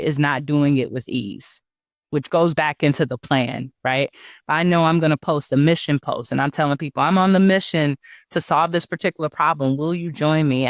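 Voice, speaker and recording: Chatty male business coach, higher voice. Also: clean tone, no echo, clean studio sound. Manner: conversational, often asks "right?" and says "y'all". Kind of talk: casual online teaching talk.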